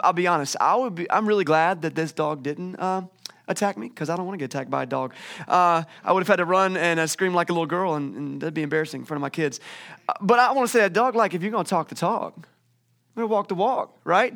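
A male pastor preaching a sermon from a church stage, telling stories in a lively way with frequent restarts. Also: high voice. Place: church stage with a screen behind him.

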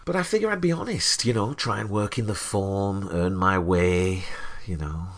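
A man's voice: low-pitched, animated, normal speed. A man hosting a podcast, reviewing other podcasts in a dry, matter-of-fact comedic monologue.

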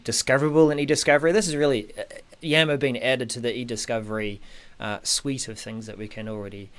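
A man hosting a podcast in casual tech chat, hesitant with many ums, often trailing off softly. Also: medium pitch, steady tone, fast talker. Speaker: podcast host.

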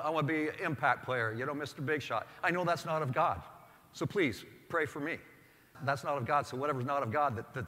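A man gives a sermon as a priest in a conversational, emphatic way, often putting questions straight to the congregation. His voice sits at an ordinary middle pitch. A long reverb hangs on each phrase, as in a large church. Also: sharp tone. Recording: echoey church hall.

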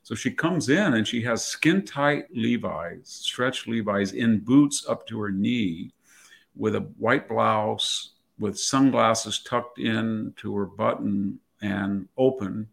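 A man's voice: on the low side, slow, gravelly. A man in his sixties telling a long story in conversation, rambling and correcting himself as he goes. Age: 60s. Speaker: guest commentator.

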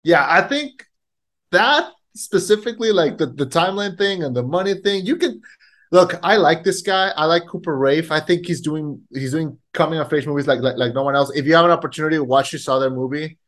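Give me a man chatting about a film on a podcast, rambling and halting, with a slightly high voice. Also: a bit bright. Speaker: podcast co-host. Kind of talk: casual film-review chat.

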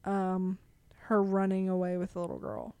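A young woman co-hosting a podcast, retelling a movie plot in casual chat, halting and restarting her sentences. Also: fairly low pitch, little pitch movement, gravelly, a little mellow, smooth, dry recording. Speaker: podcast co-host.

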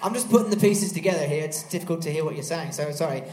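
Male co-host, quick quips, fairly high voice, off-mic echo. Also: darkish tone, a little hiss or hum. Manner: wisecracking, interrupts with jokes. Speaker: podcast co-host. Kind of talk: live podcast banter. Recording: distant, very echoey room.

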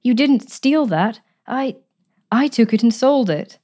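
A woman voicing a frightened, gentle young girl in a read-aloud story, speaking breathlessly. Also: medium pitch, moderate pace, pitched above the performer's own voice, close to an everyday voice. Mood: distressed. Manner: breathless, pleading, timid.

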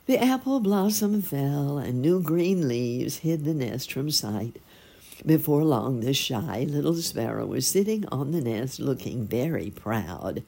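A woman reading a children's story aloud in a gentle, expressive storytelling manner. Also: very deep voice, a little slow, creaky.

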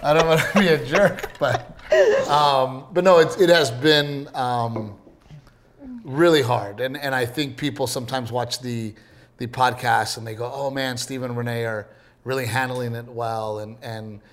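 A man in his thirties co-hosting a podcast in casual chat, telling stories and acting out quotes with big jumps in voice. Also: unhurried. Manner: animated storyteller, acts out quotes with big pitch jumps. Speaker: podcast co-host.

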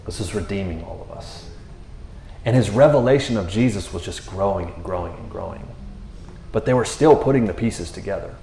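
A man preaching in a relaxed, casual way, acting out the disciples' voices as he tells the story. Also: deep voice, a little fast, echoey room, a little hiss or hum. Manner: animated, acts out voices of the disciples. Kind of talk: casual sermon.

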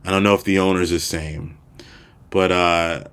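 Podcast host, male, very low voice, relaxed rambling solo chat with casual swearing. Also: moderate pace, clean tone. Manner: rambling, loose, swears casually, laughs easily.

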